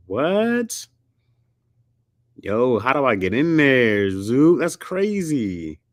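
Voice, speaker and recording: A low-voiced American man hosting a relaxed chat, with lively pitch that keeps leaping up into squeaks when he jokes. His voice sits close and dry on the mic. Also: no echo. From United States. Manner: animated, joking, jumps into high squeaky pitch for emphasis. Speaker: streamer host. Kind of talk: casual chat.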